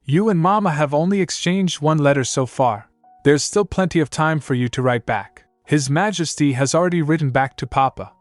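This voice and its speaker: A man's voice: on the high side, normal speed, dry recording, faint music behind, pitched above the performer's own voice, close to an everyday voice. A man voicing a clever, blunt little girl princess in a storybook recap, talking in a matter-of-fact way. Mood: gentle.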